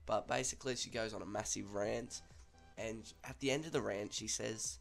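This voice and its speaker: A man's voice: on the low side, normal speed, creaky, faint music behind. A young man with an Australian accent casually telling a school story, chatty and swearing freely.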